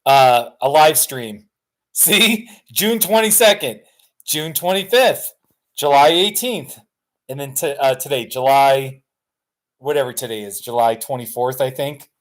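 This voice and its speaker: A man's voice: medium pitch, animated, unhurried. A tired middle-aged man hosting a casual live stream from his couch at home, rambling, self-deprecating and laughing often. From United States.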